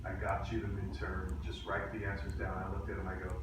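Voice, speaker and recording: A man teaching a class, telling a story and acting out the quotes in lively voices. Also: sits low, brisk, noisy background. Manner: animated, acts out quotes in voices. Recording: echoey classroom from far off.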